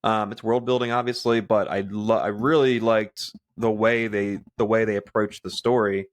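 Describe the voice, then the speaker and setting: A man's voice: fairly low pitch, little pitch movement, moderate pace. A man co-hosting a podcast in casual chat, rambling with many restarts and fillers. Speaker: podcast co-host.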